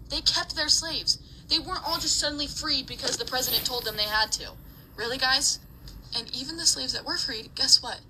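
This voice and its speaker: A woman's voice: sits high, brisk, pushed and bright, a little hiss or hum, low-quality recording. A woman giving an angry, emotional rant to camera, swearing often as she talks.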